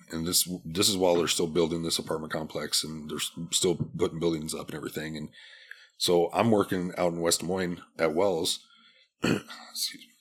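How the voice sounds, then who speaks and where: This podcast guest, a man in his forties, has a low, fairly bright voice. He tells a personal story casually, being blunt, candid and profane, with many restarts.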